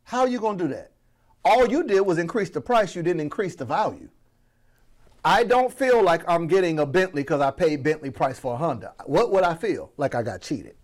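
A man from Florida coaching on business, talking to the audience as family with a playful, animated delivery. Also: fairly high pitch, fairly quick. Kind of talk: energetic motivational teaching.

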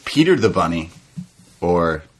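A man's voice: low voice, sing-song, unhurried, husky. Chatty man hosting a wrestling podcast. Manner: chatty, laughs often, recounts events with playful asides. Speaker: podcast host. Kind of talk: casual wrestling recap chat.

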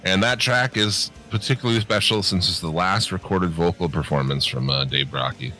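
A man's voice: low voice, moderate pace, pushed and bright, faint music behind. A man co-hosting a podcast in casual chat, rambling with many fillers and frequent swearing. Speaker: podcast co-host.

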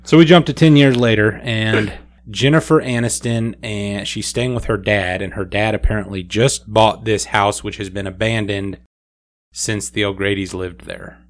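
A man hosting a casual movie podcast, recapping a film plot in an animated storytelling way. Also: fairly low pitch, moderate pace.

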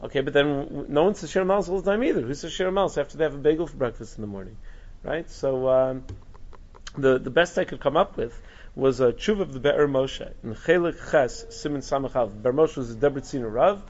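A man's voice: mid-range voice, fairly quick, a little mellow, lo-fi sound. A man teaching a Torah class, thinking aloud with frequent restarts and asides. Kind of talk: recorded Torah lecture.

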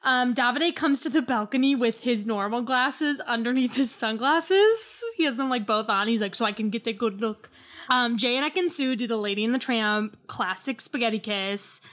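A woman's voice: fairly high pitch, moderate pace, few pauses, fairly bright tone. Wry young woman recapping notes. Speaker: podcast co-host. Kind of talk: casual chat recapping a reality show.

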